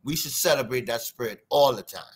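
A man with a Trinidadian accent, a guest drummer telling stories in an interview, lively and sing-song, imitating drum sounds. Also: medium pitch, fairly quick, breathy edge. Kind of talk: animated storytelling interview.

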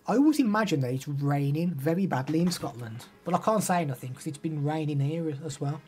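A man's voice: fairly high pitch, expressive, fairly quick, a little mellow, faint music behind. A young man chatting casually on a live stream, rambling and answering chat messages.

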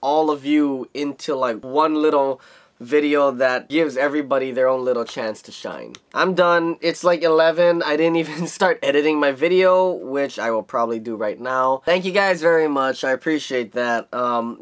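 A man's voice: mid-range voice, moderate pace, faint music behind. A man talking casually to his camera as a vlogger, chatty and rambling, often laughing as he goes. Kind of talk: casual vlog talk to camera.

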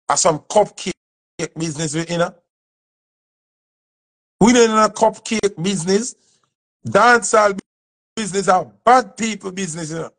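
A man's voice: high-pitched, creaky, fairly bright tone. A Jamaican man from the dancehall scene, giving an emphatic, preachy speech and repeating his points. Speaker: dancehall artist. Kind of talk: impassioned speech to camera.

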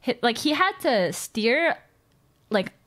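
High-voiced young woman telling a story. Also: very animated, slow, a bit bright. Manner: rambling, emotional, swears often, many restarts. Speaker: streamer. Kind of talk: casual storytelling.

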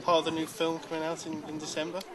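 A male reporter introducing a story and then asking an actor brisk, plain interview questions outdoors. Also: fairly high pitch, completely flat delivery, noisy background.

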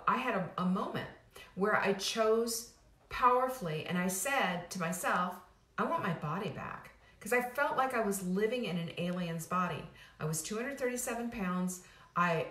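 A middle-aged woman giving a motivational talk as host of her own program. She speaks emphatically and casually, often restarting her sentences and repeating phrases for effect. Her voice sits at an ordinary pitch and rings in a roomy space. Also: a bit bright. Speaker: weight-loss program host. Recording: roomy echo.

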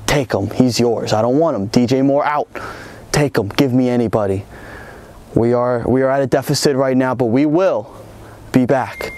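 A man co-hosting a sports comedy show, talking in brash, rapid trash-talk banter. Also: mid-range voice, darkish tone.

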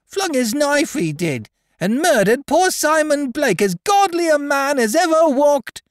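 A man voicing a frightened sailor who shrills out accusations in a high, strained voice. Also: very animated, a little slow, no echo, full character voice. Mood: shrill accusing. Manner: shrill, pleading.

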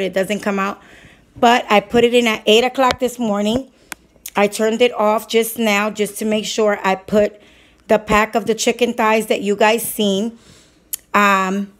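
A woman talking casually through her cooking on a home vlog, chatty and rambling with many fillers. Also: medium pitch. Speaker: couponing vlogger.

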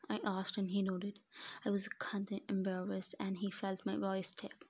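A woman reading a romance story aloud in a soft, often whispered narration. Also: medium pitch, monotone, normal speed, husky. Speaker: fan fiction reader.

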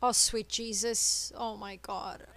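A woman streaming a co-op game, chattering nervously and excitedly as she plays. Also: medium pitch, takes it slowly, vocal fry. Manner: excitable, nervous, switches between English and Italian. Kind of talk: live gameplay chatter.

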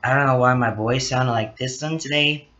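A man's voice: medium pitch, fairly even intonation, moderate pace, pushed and bright, muffled recording. A man who is sick, hosting his own channel and reading a story aloud, apologetic about how his voice sounds.

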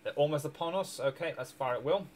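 A man's voice: a little high, fast, a little hiss or hum. A man streaming a strategy game, rambling through his moves with restarts and small chuckles while tired and hiccuping. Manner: rambling, self-correcting, chuckling. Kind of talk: casual gameplay commentary.

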